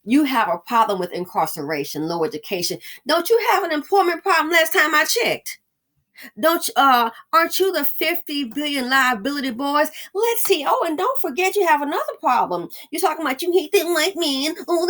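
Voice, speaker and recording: A woman's voice: high voice, animated, moderate pace, fairly bright tone. Sarcastic woman ranting into the camera. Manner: sarcastic, scolding, emphatic. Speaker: commentary channel host. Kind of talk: ranting commentary.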